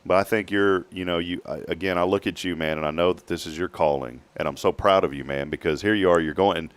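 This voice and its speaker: A man's voice: low-pitched, fast. A man hosting a casual talk show, telling stories and acting out the people in them. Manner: storytelling, animated when quoting people. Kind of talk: casual chat.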